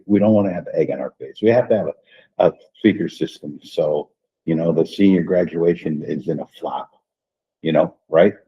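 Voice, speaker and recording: A man's voice: low voice, breathy edge, lo-fi sound. A man speaking at a school board workshop as a district administrator, folksy and repetitive, often checking in with "right?". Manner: folksy, repeats phrases, says "right?" often.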